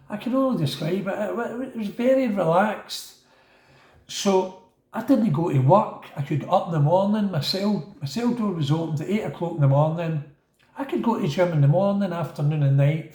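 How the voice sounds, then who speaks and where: Middle-aged man, Glaswegian accent, rambling anecdote, fairly high mellow voice, echoey room. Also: moderate pace. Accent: Scottish, Glaswegian. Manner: rambling, animated, acts out quoted voices. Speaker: storyteller. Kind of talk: casual storytelling monologue.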